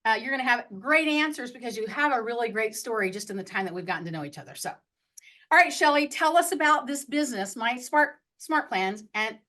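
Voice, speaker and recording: A woman's voice: a little high, animated, brisk, sharp tone. A woman business coach hosting an interview show, enthusiastic and gushing about her guest.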